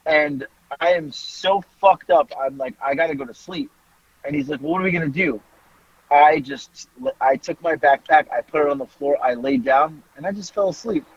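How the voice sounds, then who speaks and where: A man, a podcast host telling a story in a casual, animated way, laughing and swearing freely. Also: fairly high pitch, normal speed, husky, dry recording, lo-fi sound.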